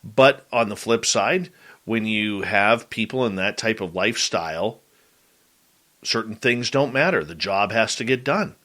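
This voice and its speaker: A man's voice: fairly low pitch, a little slow, fairly bright tone. A man hosting a radio interview show, who reacts to his guest bluntly and with emphasis.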